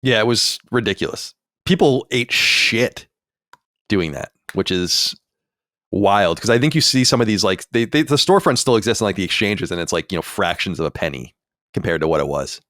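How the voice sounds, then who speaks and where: A man's voice: lowish voice, lively intonation, a little fast, bright, forceful tone, dry recording. A man in his forties hosting a podcast, chatting casually in a rambling, candid way, full of fillers and asides. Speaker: podcast host.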